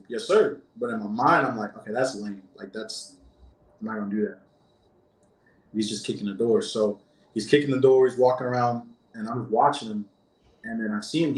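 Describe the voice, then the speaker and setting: A man in a middle register recounting events as an interview guest, his telling loose and rambling, full of restarts and fillers. He sounds like he is sitting in a roomy, echoing space. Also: mid-range voice. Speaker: former prison guard, interview guest. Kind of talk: casual first-person storytelling.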